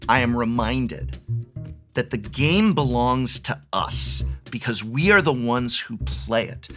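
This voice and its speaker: A man in his forties with a bright, forceful voice, opening cards and chatting with rambling enthusiasm. He often trips over and restarts his sentences as he gets excited. Faint music plays behind him. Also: medium pitch, takes it slowly. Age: 40s. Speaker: card game video host. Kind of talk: excited unboxing chat.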